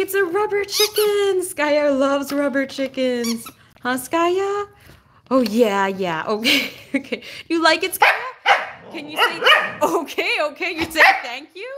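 A woman with a high voice hosts a live stream from her home. She coaxes her dog in bubbly, sing-song baby-talk and thanks her viewers. A faint hiss sits under her voice. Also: fairly bright tone. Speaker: pet channel host. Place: home, indoors.

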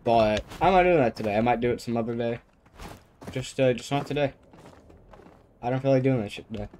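A man's voice: medium pitch, a little fast, darkish tone, slight background noise. Mumbling young man playing a game. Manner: mumbling, unsure, offhand. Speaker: gamer playing through a game. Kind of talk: casual let's-play commentary.

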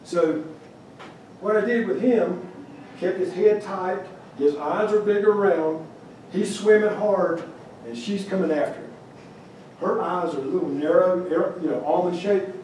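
With a high-sitting, slightly mellow voice and an unhurried pace, this man gives a museum talk as a wildlife carver. He tells humorous, rambling stories about his carving, restarting often, and the echoey room, far-off mic and slight background noise are audible.

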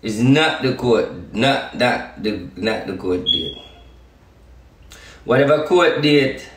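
Animated Jamaican man ranting on stream. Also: medium pitch, slow, reverberant, far from the mic. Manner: emphatic, repetitive, defiant. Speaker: streamer addressing followers. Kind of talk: live-stream rant.

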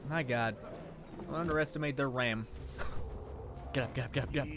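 A young man giving casual, excitable gameplay commentary, swearing a lot and yelling at enemies as he plays. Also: medium pitch, normal speed, noisy background. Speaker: let's play gamer.

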